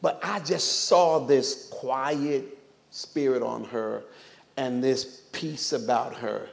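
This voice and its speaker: A man's voice: medium pitch, steady tone, takes it slowly, creaky. A man preaching a sermon as pastor, emphatic, firing off rhetorical questions and dropping joking asides.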